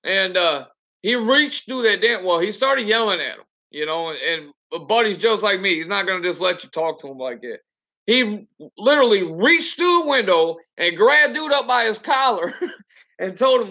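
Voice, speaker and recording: A high-voiced, bright-sounding man, a trucker, vents bluntly and cusses freely while chatting on a home stream. His voice comes through a computer webcam and sounds muffled and lo-fi. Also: expressive, moderate pace. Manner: blunt and profane, ranting. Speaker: truck driver. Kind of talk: casual livestream chat.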